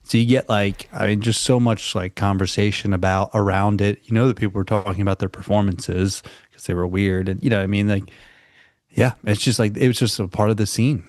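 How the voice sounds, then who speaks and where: Man, lowish voice, casual podcast co-host, halting and loose, dry close mic. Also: steady tone, darkish tone, no room sound. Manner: loose, halting, says "like" often. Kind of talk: casual music podcast chat.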